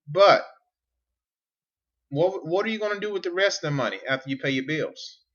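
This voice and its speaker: A man's voice: fairly high pitch, expressive, normal speed, fairly bright tone, dull audio. A man coaching on online business at a whiteboard, repeating key points and asking rhetorical questions. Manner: repetitive, emphatic, asks rhetorical questions. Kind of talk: whiteboard teaching monologue.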